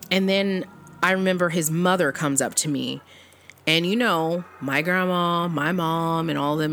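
A woman's voice: lowish voice, fairly bright tone, slight background noise. A woman in her thirties telling a personal story in a blunt, profane way, acting out the back-and-forth of what people said.

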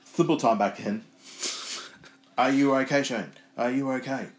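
A man's voice: mid-range voice, a little slow. A man with a cold co-hosting a wrestling watch-along podcast, joking around and doing silly voices. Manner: jokey, does silly voices. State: has a cold. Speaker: podcast co-host. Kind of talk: casual watch-along chat.

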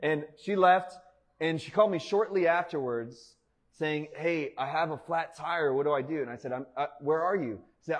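Chatty pastor telling a story. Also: male voice, fairly high pitch, normal speed. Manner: conversational, animated, laughs often, many "like" fillers. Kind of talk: sermon with personal storytelling.

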